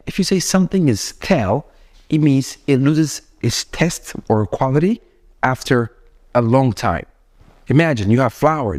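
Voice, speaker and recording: A young man with an Ethiopian accent, a non-native English speaker, gives a casual, chatty English lesson and often asks his viewers questions. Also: medium pitch. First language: not English. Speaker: English teacher.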